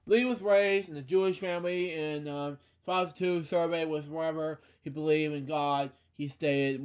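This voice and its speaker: A young man hosting a podcast, reading a tribute aloud in a halting way with many fillers and restarts, out of breath. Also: fairly high pitch, fairly even intonation, clean tone. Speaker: podcast host.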